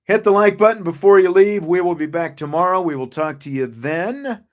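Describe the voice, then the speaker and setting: Relaxed man hosting a sports chat. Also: high voice, moderate pace, highs cut off. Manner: relaxed, reads viewer comments. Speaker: podcast host.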